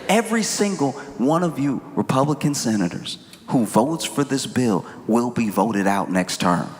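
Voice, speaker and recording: A man voicing a cold, threatening male tech billionaire in a low, flat, menacing delivery. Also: normal speed. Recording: roomy hall with audible ambience.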